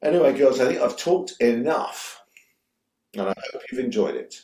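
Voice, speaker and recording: A man's voice: medium pitch, lively intonation, normal speed, mellow, echoey room. A man, a guest director telling rambling, enthusiastic stories in a casual interview, swearing freely. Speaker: guest, music video director.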